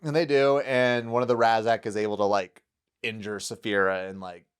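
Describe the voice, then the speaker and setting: A man's voice: fairly low pitch, little pitch movement, normal speed, clean tone. A man co-hosting a casual film discussion podcast, enthusiastic, laughing often and acting out quotes. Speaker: podcast co-host.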